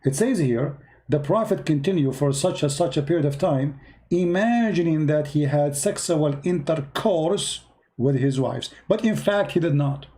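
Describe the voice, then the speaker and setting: Sarcastic man with halting non-native English. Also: on the high side, lively intonation, warm tone. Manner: sarcastic, mocking, talks directly to viewers. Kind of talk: casual commentary to viewers.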